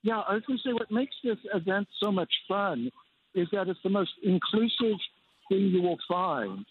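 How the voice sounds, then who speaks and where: A man's voice: high voice, animated, moderate pace, background noise. A man phoning in an enthusiastic report from a busy convention center floor. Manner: enthusiastic, descriptive. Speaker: film critic reporting on location. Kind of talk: live field report. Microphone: phone line. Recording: tinny phone line with crowd ambience.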